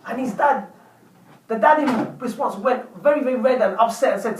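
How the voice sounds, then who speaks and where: A man's voice: very high-pitched, normal speed. A man telling a story to his viewers in a casual vlog, chatty and repeating words as he goes. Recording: roomy, distant from mic.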